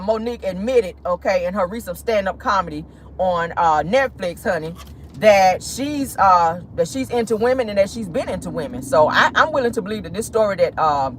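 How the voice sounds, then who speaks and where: A host giving casual, sassy celebrity gossip commentary to viewers, full of exclamations and dramatic swings in pitch. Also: a little hiss or hum. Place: in a car.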